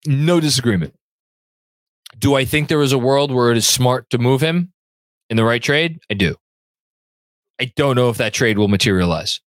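A man's voice: medium pitch, moderate pace, pauses often, dry recording. A man hosting a sports fan podcast, reading viewer comments aloud in a rambling way and often repeating words while he thinks. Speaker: podcast host.

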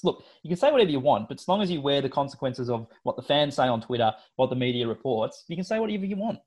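Fast-talking Australian man. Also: medium pitch, slightly rough. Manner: animated, fond of mock quotes. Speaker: podcast co-host. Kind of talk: casual panel chat.

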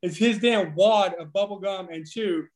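A man in his thirties, a former ballplayer, telling profane, animated stories in casual chat. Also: sits high, unhurried. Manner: profane, animated storyteller with laughs. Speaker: former baseball player, podcast guest.

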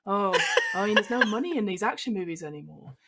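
A woman's voice: mid-range voice, animated, fast, heavy background noise, close to an everyday voice. A woman voicing snooty gala guests in a tabletop game, sniffy and condescending. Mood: snide.

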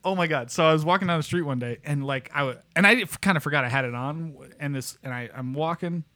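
A man co-hosting a podcast in loud, profane, casual banter, laughing often. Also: a little high, fast talker. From United States. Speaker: podcast co-host.

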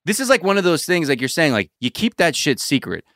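A male podcast host in casual chat, riffing in an animated, profane and sarcastic way. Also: on the high side, brisk, no echo, studio quality.

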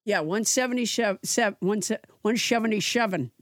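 A woman's voice: mid-range voice, a little fast, dry recording, studio quality. A woman co-hosting a comedy podcast, playful and rambling. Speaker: podcast co-host.

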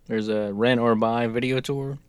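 A man's voice: mid-range voice, moderate pace, smooth, dry recording. Man, mid voice, casual podcast banter, dry close sound. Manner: reads promo text flatly, then joking banter. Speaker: podcast co-host. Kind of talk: casual chat.

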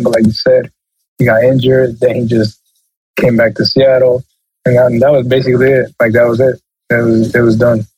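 A man co-hosting a sports podcast while sick, his voice nasal, talking haltingly and clearing his throat. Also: medium pitch, dark tone, dry recording, low-quality recording. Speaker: podcast co-host. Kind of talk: casual sports chat.

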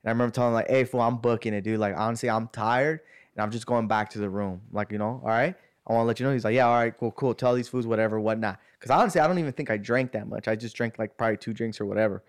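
A man's voice: fairly low pitch, very fast, smooth. A man casually telling friends a long story, rambling and slangy, acting out what others said. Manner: rambling, slangy, acts out quoted voices. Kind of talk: casual chat.

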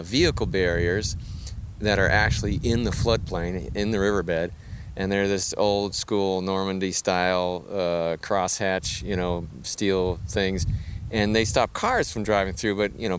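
A man's voice: deep voice, measured pace, a little hiss or hum. A man walking a riverbed outdoors, explaining wildlife in a casual, enthusiastic way with fillers. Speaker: wildlife conservationist. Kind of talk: explaining on a field walk.

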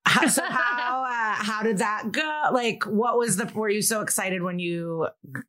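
A woman's voice: a little high, a little slow, bright, forceful tone, a little hiss or hum. A woman co-hosting a podcast, asking eager, stumbling questions in a casual way. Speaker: podcast co-host.

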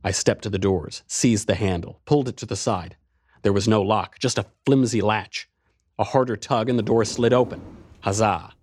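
A man's voice: on the low side, normal speed, a little mellow, husky, dry recording. A man narrating a first-person adventure story in a tense, driving way.

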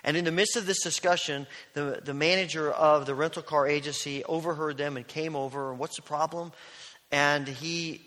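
A male pastor preaching a sermon, telling stories earnestly and dropping to a hush on key lines. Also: on the high side. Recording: long reverb of a large hall.

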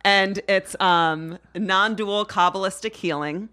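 A woman's voice: mid-range voice, slow, pushed and bright, clear, resonant tone. A woman talking as a podcast guest in a casual, playful way, sometimes slipping into a mock-formal voice.

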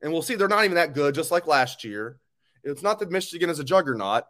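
A man's voice: fairly high pitch, expressive, quick pace, fairly bright tone. A man hosting a live sports talk stream, ranting angrily and bluntly, with swearing, as he reads viewer comments. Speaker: sports show host.

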